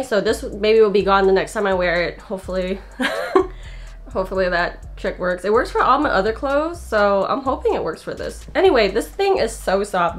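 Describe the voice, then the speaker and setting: A young woman in her twenties gushes through a casual show-and-tell of her gifts, sounding a little out of breath. She chats easily and giggles often, recorded at home in her bedroom. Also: mid-range voice. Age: 20s. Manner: chatty and gushing, giggles often. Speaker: vlogger.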